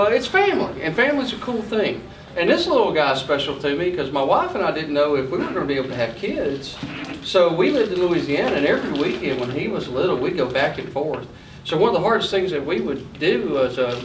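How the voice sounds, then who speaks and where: A man telling a folksy story as a sales trainer to an audience, animated, with many restarts. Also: on the high side, slight background noise. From Mississippi, USA. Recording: echoey room from a distance.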